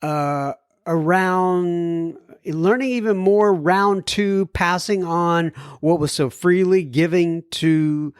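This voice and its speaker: This American podcast host has a high, clear and resonant voice with fairly even intonation, and he reads listener letters slowly. He chats in asides and stumbles over hard words; the studio-quality recording has no room sound.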